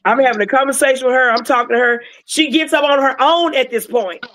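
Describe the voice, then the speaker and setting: A woman telling a client's story in a casual, animated way, with emotional moments. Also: high-pitched, fast talker, poor audio. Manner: animated, emotional retelling with acted quotes. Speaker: wellness patch seller sharing a client story.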